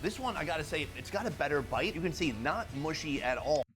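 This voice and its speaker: A man narrates a food review with bright enthusiasm and quick comic asides. His voice sits a little high for a man, and music plays clearly beneath him. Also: lively intonation. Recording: background music under voice.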